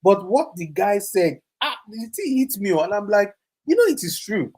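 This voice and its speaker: A man co-hosting a casual commentary podcast, animated and laughing often, mixing English with Pidgin and Yoruba phrases. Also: sits high, moderate pace, breathy edge. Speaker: podcast co-host.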